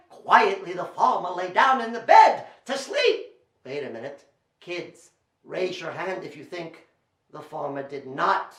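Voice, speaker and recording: Energetic male storyteller leading an audience sing-along, animated and bright, roomy echo. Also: high voice, measured pace. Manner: animated, coaxing the audience to join in. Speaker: children's storyteller. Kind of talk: interactive storytelling performance.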